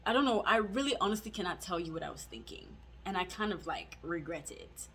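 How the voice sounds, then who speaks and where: A woman's voice: on the low side, animated, a little fast, a bit bright, slightly rough. A young adult woman telling a storytime vlog in a casual, chatty way, full of "like" fillers and self-mocking asides. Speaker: vlogger.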